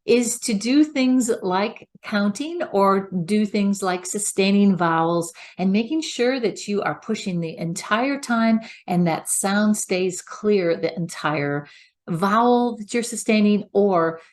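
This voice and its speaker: A middle-aged woman teaches as a voice coach, explaining each step patiently. She speaks slowly and carefully at a medium pitch, leaving room between her points. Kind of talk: instructional talk.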